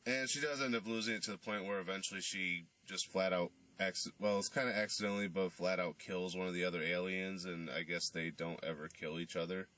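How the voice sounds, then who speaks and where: Low-voiced man rambling through a movie recap. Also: fairly even intonation, a little fast, few pauses, bright, forceful tone. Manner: loose and rambling, scoffing at the plot. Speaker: movie reviewer. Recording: voice a bit far from the mic.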